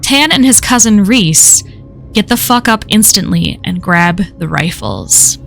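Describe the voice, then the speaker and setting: A woman's voice: mid-range voice, animated, unhurried, creaky, faint music behind. A woman reading a first-person horror story aloud in a casual, profane way. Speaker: story reader.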